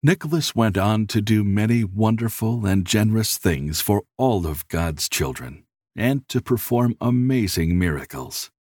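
A man reads a storybook tale aloud in a measured, expressive way, his pitch rising and falling widely. His voice is fairly low and husky. The sound is close and completely dry. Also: no room sound. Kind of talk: storybook narration.

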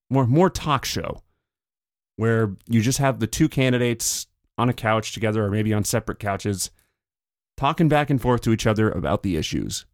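A man's voice: fairly low pitch, no room sound, studio quality. A man hosting a podcast, talking through political commentary in a casual, conversational way. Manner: conversational, paraphrasing others in quick put-on quotes. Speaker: podcast host.

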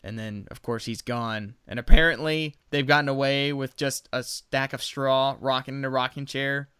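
A man's voice: medium pitch, steady tone, moderate pace, bright, forceful tone, smooth, dry recording, studio quality. A man co-hosting a podcast in casual chat, recapping plot in rambling, self-correcting bursts. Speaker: podcast co-host.

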